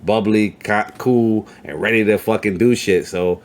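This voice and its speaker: A man hosting a casual interview, swearing freely and hyping up his guest while he reads chat comments out loud. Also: on the low side, steady tone, moderate pace. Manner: profane, hype, reads chat comments aloud. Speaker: podcast host. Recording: faint background noise.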